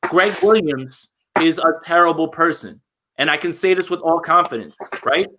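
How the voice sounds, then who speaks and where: A man co-hosting a casual football chat, animated and opinionated, with frequent restarts. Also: on the high side, moderate pace, a little hiss or hum. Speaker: podcast co-host.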